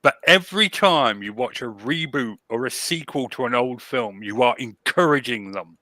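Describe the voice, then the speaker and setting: A man's voice: mid-range voice, animated, moderate pace, bright, forceful tone, no room sound. A man co-hosting a podcast, sardonic and given to ranting in casual chat. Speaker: podcast co-host.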